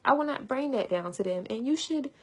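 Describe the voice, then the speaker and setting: A woman's voice: high-pitched, lively intonation, fairly quick, husky. A young woman talking passionately and earnestly to her viewers in casual slang. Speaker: vlogger. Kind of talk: emotional personal talk to camera.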